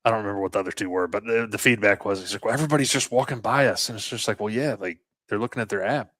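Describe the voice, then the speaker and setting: A man's voice: on the low side, fairly even intonation, very fast, bright, forceful tone, no room sound. A man telling stories in a casual podcast chat, rambling with fillers and restarts and swearing casually. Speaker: podcast co-host and landscaping business owner.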